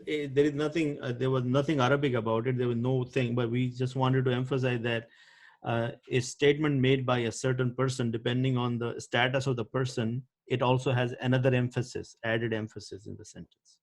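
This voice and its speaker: A man's voice: medium pitch, little pitch movement, moderate pace. Patient man teaching Arabic grammar online. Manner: patient, quizzes students by name. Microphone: video call.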